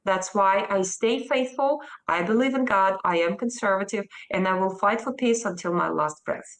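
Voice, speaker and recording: A woman's voice: medium pitch, moderate pace. Emphatic Russian-accented woman guest. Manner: emphatic, insistent, defiant. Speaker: interview guest. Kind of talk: remote news interview.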